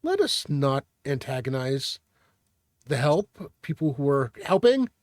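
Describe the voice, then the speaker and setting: A man's voice: medium pitch, big pitch swings, dry recording, studio quality. A man voicing an earnest young male squire who stammers and speaks dutifully. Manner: halting, stammering.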